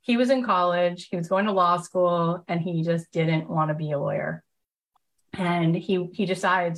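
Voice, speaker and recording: A middle-aged woman giving a live motivational talk, telling stories with animated enthusiasm and chatty fillers. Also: lowish voice, a little slow, poor audio. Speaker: motivational speaker and program host.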